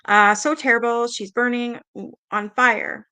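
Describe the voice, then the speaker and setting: A woman's voice: a little high, steady tone, unhurried, bright, forceful tone, clean tone. A woman reading a book aloud in a casual way, stumbling over words and stopping to react and swear.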